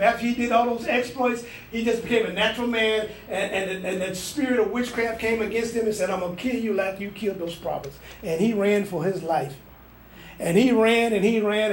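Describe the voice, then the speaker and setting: A man with a high voice preaches a sermon, pressing his points with fervent repetition. His words ring out in a roomy space with plenty of echo. A faint hum sits underneath. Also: distant mic.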